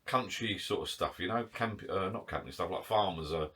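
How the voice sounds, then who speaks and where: A man's voice: sits low, fairly quick, pushed and bright. A man chatting casually to camera in his garden shed bar, rambling, self-mocking and a little out of breath. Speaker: vlogger.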